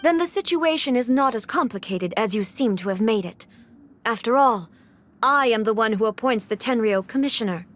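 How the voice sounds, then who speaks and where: An actress playing a stern ruler who speaks in a formal, measured and commanding way, in a video game. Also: female voice, fairly high pitch, lively intonation, close to an everyday voice. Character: stern, imperious female ruler, cold and commanding. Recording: game audio with music.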